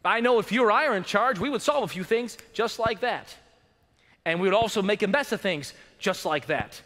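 A male pastor preaching a sermon, swinging between urgent loud passages and hushed, drawn-out emphasis. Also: high-pitched, animated, big-room sound. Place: church sanctuary.

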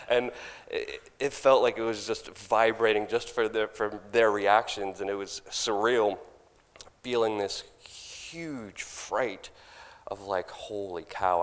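A young man on stage, animatedly telling a story and loudly acting out his own past lines, with laughs in between. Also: on the low side, clear, resonant tone. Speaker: speaker at a conference. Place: large conference hall. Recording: long hall reverb.

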